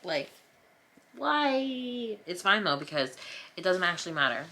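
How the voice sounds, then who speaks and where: With a low, sharp-toned voice that runs a little fast, a New Jersey woman in her thirties vlogs while painting. Her casual chat is rambling, self-deprecating and playfully theatrical, captured on a camera mic.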